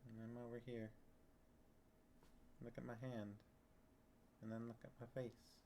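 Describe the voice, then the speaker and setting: Slow gravelly man chatting with viewers. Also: mid-range voice, little pitch movement, mellow, slight background noise. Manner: rambling, chatty, reacts to chat messages. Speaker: streamer reading a book with viewers. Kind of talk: casual chat with live chat viewers.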